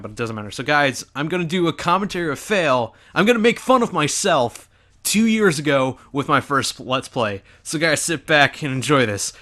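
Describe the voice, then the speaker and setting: A man's voice: medium pitch, sharp tone. A young man hosting a gaming channel, giving rambling, self-mocking commentary over an old video of himself.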